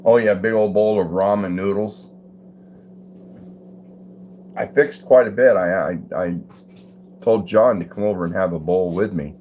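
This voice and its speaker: Fairly low and warm, this older host's voice moves at a moderate pace with long pauses. He chats casually on a live stream at home, reading comments, greeting viewers by name, and chuckling easily, and there's a little hiss or hum.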